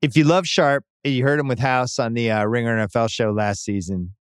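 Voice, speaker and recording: A man's voice: medium pitch, steady tone, clean tone, no echo. Male sports podcast host, wry banter, resonant voice recorded dry. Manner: wry, reels off betting odds quickly. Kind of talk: casual sports chat.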